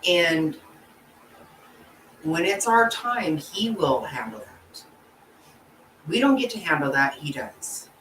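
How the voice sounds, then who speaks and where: A woman's voice: deep voice, animated, slow, long pauses, a bit bright. A woman host chatting casually with her viewers, blunt and emotional, swearing freely as she answers their comments. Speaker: channel host. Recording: roomy echo, distant from the mic, faint background noise.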